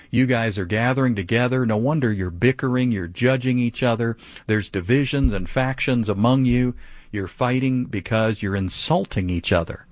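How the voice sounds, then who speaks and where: A man with a lowish voice, a pastor taking a call on a teaching show. He preaches in an animated, emphatic way, pushing hard on his points. The sound is dry and close, with no room echo. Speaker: pastor answering callers.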